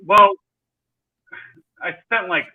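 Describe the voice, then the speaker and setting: A man's voice: high voice, extremely slow. A man chatting as a guest on a livestream, stammering and apologetic. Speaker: stream guest. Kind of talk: casual call-in chat. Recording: tinny phone-like call line.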